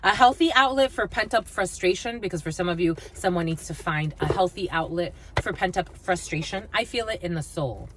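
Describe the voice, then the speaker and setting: Speaking fairly quickly with few pauses, this woman has a lowish voice, and there's noise in the background. She's a tarot reader giving her audience a profane, no-nonsense reading, cursing and telling them off as she goes.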